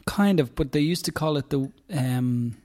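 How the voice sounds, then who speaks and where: A man's voice: medium pitch, normal speed, darkish tone. Rambling man co-hosting a chat. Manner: rambling, searches for words, teasing. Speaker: podcast co-host. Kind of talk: casual chat.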